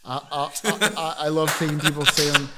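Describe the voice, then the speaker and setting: A man's voice: a little high, little pitch movement, fairly quick, very noisy. A man in his fifties, raised in Florida after a Philadelphia childhood, talking earnestly in casual podcast chat with many restarts. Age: 50s. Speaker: podcast guest.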